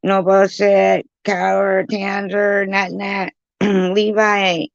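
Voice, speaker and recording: A woman's voice: medium pitch, monotone, slow pace, vocal fry, dry recording, highs cut off. A woman hosting a casual livestream, reading the live chat aloud, confused and pleading with her chatters, often laughing. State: dry mouth.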